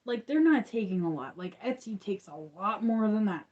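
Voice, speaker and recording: Woman, casual livestream host, soft warm tone, rambling delivery, muffled lo-fi sound. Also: mid-range voice, expressive, moderate pace. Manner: rambling, restarts with many fillers. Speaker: crochet channel host.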